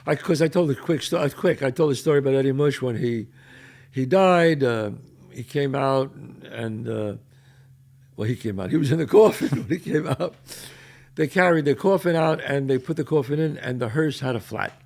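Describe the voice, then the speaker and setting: An older man with a New York accent, telling neighborhood stories as a podcast host in a casual, animated way. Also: mid-range voice, normal speed, vocal fry. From the Bronx, New York. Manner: animated, loud when quoting, trails off quietly. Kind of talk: casual storytelling.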